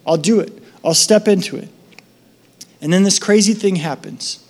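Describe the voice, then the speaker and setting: A man pastor preaching a sermon, telling stories with lively acted-out voices and dropping soft for reflective moments and prayer. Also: sits high, normal speed. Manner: animated storytelling, acting out voices in his anecdotes.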